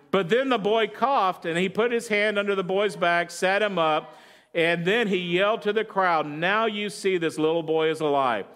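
A man preaching, retelling a dramatic story with quoted lines and halting fillers. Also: high-pitched, fairly bright tone. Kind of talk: sermon storytelling.

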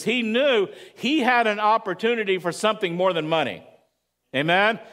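A man's voice: sits high, fairly bright tone. A man preaching a sermon at church, talking conversationally and asking the congregation questions. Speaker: pastor.

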